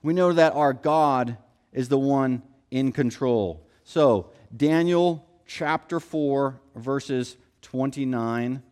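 A man's voice: mid-range voice, slow, a little mellow, smooth. A man preaching a sermon in a conversational style, often acting out quotes and coming back to stock phrases. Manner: conversational preaching, acts out quotes, repeats "here's the thing". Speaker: pastor.

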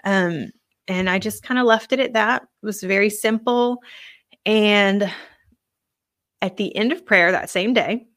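A young adult woman recounts a personal faith testimony on her podcast, earnest and conversational, her speech full of casual fillers. Her voice sits at a middle pitch. The recording is dry and close, with no room echo. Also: a little slow, pauses often, a bit bright. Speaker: podcast host.

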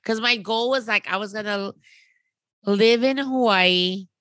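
A woman in her thirties, podcast co-host, chatting casually and telling an animated story, acting out what others said. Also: medium pitch, a little slow, dry recording. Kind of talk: casual chat.

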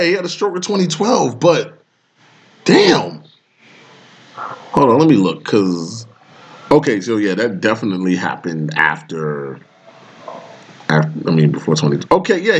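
A man's voice: lowish voice, sing-song, measured pace, pauses often, a little hiss or hum. A man co-hosting a podcast in casual chat, laughing often and looking things up as he talks. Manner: laughs often, looks things up mid-talk. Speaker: podcast co-host.

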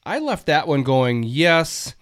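A man's voice: medium pitch, measured pace. A man in a casual film chat who muses and hesitates as he works out his opinions. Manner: musing, hesitant, circles around his opinions.

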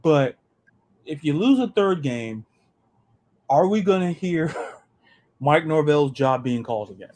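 A man hosting a sports podcast, talking in an animated, joking way and often repeating his words. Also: fairly high pitch, measured pace, long pauses. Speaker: podcast host. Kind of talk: casual sports chat.

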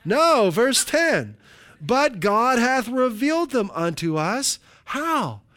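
A man preaching a sermon in an animated way, with frequent calls of hallelujah and joking asides to the congregation. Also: very high-pitched, slow pace. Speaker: pastor.

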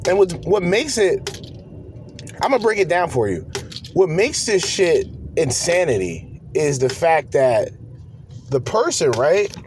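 A man's voice: fairly high pitch, a little hiss or hum. A man hosting a podcast, ranting bluntly and profanely in slangy talk from his car. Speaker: podcast host.

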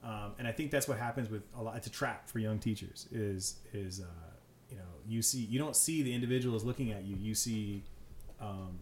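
Brief: male teacher guest, rapid animated storyteller, roomy echo, faint room hum. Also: on the low side. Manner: fast, animated storytelling with many fillers. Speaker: high school teacher, podcast guest. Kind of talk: casual chat. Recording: echoey room.

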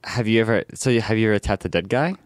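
Laid-back young man, low dry voice. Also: fast talker, dry recording. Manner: relaxed, short reactions and questions. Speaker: podcast host. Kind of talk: casual podcast chat.

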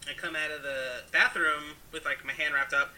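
A man's voice: on the high side, steady tone, moderate pace, pushed and bright, rough recording. A young man telling a story in casual chat, rambling with many fillers and acting out the people he quotes. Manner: rambling, filler-heavy, acts out quoted voices.

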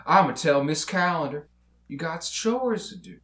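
A man playing a gruff drawling rancher. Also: fairly high pitch, lively intonation, unhurried, fairly bright tone, echoey room. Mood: stern. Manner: rough drawling scolding. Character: gruff bossy male rancher, impatient and cussing. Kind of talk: comedy table read.

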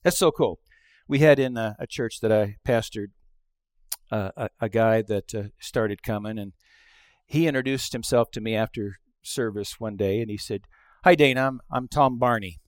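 A middle-aged male pastor delivering a conversational sermon, telling stories and acting out quoted lines, moving between hushed asides and loud exclamations. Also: lowish voice, moderate pace, dry recording, clean studio sound. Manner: conversational storytelling with acted-out quotes.

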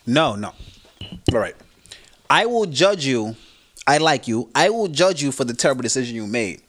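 A man's voice: mid-range voice, sing-song, normal speed, a bit bright. A man co-hosting a podcast, blunt and emphatic in casual chat, often repeating himself. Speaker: podcast co-host.

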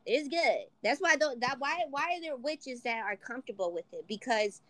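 A woman co-hosting a casual podcast chat, animated and acting out quoted voices. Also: high voice, a little fast, very noisy. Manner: animated, swears, acts out quotes. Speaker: podcast co-host.

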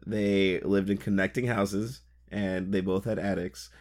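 A man in a casual chat, relaxed, reacting with short replies and laughs before telling his own story. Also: low voice, a little slow.

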